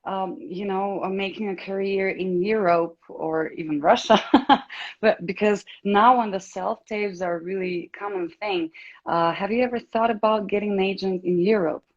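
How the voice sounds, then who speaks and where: A woman hosting an interview over a video call, asking questions haltingly with many fillers and restarts. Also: medium pitch, dull audio. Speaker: interview host.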